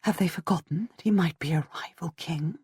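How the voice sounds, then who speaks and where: A woman reading an audiobook, voicing a proud, intense noblewoman who is quick to resentment, with a husky voice. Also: fairly low pitch, darkish tone, dry recording, clean studio sound. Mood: eager.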